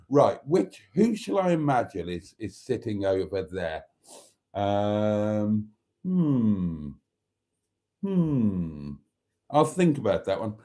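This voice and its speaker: Live stream host, male, camp and self-mocking, warm mellow tone, very lively pitch, phone mic. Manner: theatrical, self-mocking, calls viewers darlings. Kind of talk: casual live stream chat reading viewer comments. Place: at a table indoors. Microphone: phone camera.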